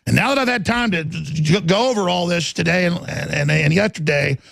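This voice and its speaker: A man hosting a political talk show, ranting angrily and swinging into shouts. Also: high voice, normal speed, vocal fry, no room sound. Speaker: host. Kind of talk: heated political commentary.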